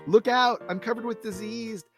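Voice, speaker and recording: A man's voice: high voice, fairly even intonation, moderate pace, fairly bright tone, faint music behind, pitched above the performer's own voice. A man voicing a self-pitying male cartoon beagle in a theatrical, wailing way. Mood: mock wailing.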